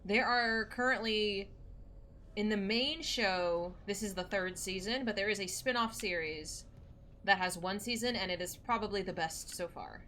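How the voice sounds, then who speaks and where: A woman's voice: medium pitch, normal speed, sharp tone, slight background noise. A young woman streaming a scary game, talking with her chat in a nervous, chatty way and swearing now and then. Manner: chatty, jumpy, swears, reads chat aloud. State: nervous, scared.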